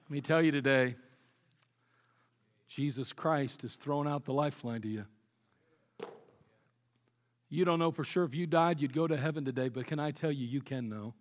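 A man preaching a sermon with earnest conviction, dropping low and quiet on his key points. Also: moderate pace, long pauses. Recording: long reverb of a large hall.

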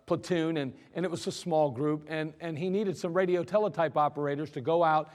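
A pastor preaches in a church sanctuary in a casual, conversational storytelling style, often asking his congregation questions. His voice is on the high side, brisk, and a little mellow.

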